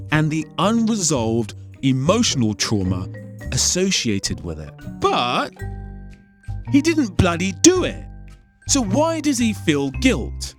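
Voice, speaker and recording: A man narrating a comedic film critique, firing off exasperated, incredulous questions. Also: mid-range voice. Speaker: film commentator.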